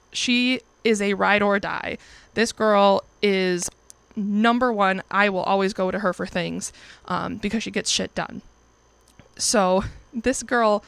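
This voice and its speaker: A woman's voice: medium pitch, vocal fry, a bit bright, smooth, no echo. A young woman in her twenties casually telling a personal story as host, chatty and profane, acting out quoted lines in livelier voices. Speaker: podcast or vlog host.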